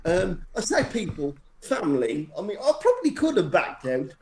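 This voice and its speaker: A man's voice: sits high, wildly swooping pitch, moderate pace, darkish tone. A man spins a loose, self-mocking anecdote for a live audience of friends. He circles back and restarts his sentences as he goes. His voice bounces around an echoey room over a faint hiss. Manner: rambling, self-deprecating, with many restarts. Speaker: storyteller on a live stream show. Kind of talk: casual anecdotal storytelling.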